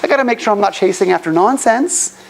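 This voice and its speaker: Man teaching a class, animated storyteller, faint room hiss. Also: sits high, fast talker, creaky. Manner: animated storyteller, acts out quoted voices. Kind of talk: storytelling lecture. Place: classroom opposite the Western Wall.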